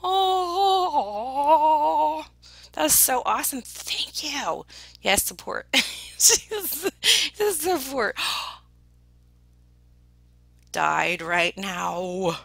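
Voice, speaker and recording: A woman in casual chat with her viewers, gushing and excitable, thanking people by name and now and then dropping into a whisper. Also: medium pitch, slow, gravelly, no room sound. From United Kingdom. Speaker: vlogger opening viewer gifts.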